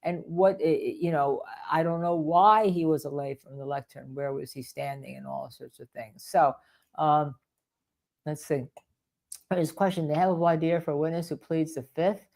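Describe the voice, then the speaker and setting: A woman's voice: low voice, fairly even intonation, moderate pace, vocal fry, a little mellow. An older woman who is a defense attorney, hosting live legal commentary in a rambling way and repeating points for emphasis.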